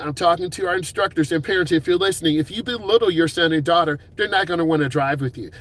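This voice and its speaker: Upbeat, encouraging male driving instructor. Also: fairly high pitch. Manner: upbeat, encouraging, puts on quick voices for quoted people. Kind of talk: casual advice talk to camera.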